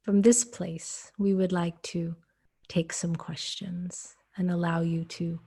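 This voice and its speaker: American-born woman channeling, super slow and calm, talks as "we", webinar call. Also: lowish voice, breathy edge. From United States. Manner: calm, measured, speaks as "we". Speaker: spiritual channeler. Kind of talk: channeled spiritual guidance.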